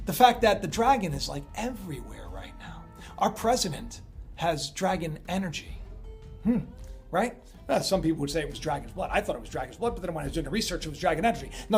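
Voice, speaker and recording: A man hosting a casual monologue video, rambling and chatty with lots of fillers and asides. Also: sits high. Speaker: prophecy video host. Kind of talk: casual monologue on end-times signs.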